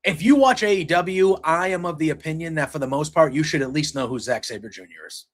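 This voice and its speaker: A man's voice: fairly high pitch, expressive, fairly quick. A man hosting a wrestling podcast, telling back a show in a loose, rambling way with many fillers and quoted lines. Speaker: podcast host recapping wrestling. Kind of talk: casual spoken recap.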